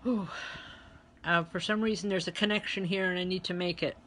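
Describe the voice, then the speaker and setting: A woman medium giving a live online reading, chatty and direct with her viewers. Her voice is bright and forward. Faint noise sits behind her. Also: lowish voice, steady tone, a little fast. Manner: chatty, speaks straight to online viewers, relays spirit messages. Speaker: spiritual medium and reverend.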